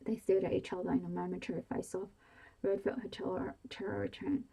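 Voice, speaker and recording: A woman whispering a bedtime story in a soft, hushed and even way, in a whispered role-play style. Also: mid-range voice, fairly quick, slightly rough, low-quality recording. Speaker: audiobook reader.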